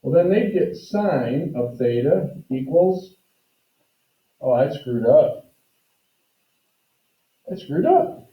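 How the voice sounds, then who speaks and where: A man's voice: on the high side, animated, takes it slowly. A male math teacher giving a classroom lecture, explaining step by step and talking directly to his students. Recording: roomy, distant, dull classroom audio.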